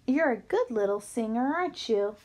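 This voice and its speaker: A woman's voice: on the high side, lively intonation, normal speed, a little mellow. A woman voicing a kindly middle-aged school lunch lady in a storybook reading. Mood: cooing. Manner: sweet, cooing.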